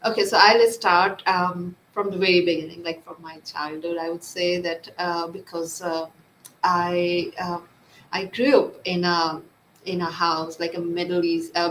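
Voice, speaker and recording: A woman psychologist being interviewed, speaking softly with many fillers and restarts. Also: fairly low pitch. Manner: soft-spoken, frequent fillers and restarts. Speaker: guest psychologist. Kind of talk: live interview. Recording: echoey room with faint noise.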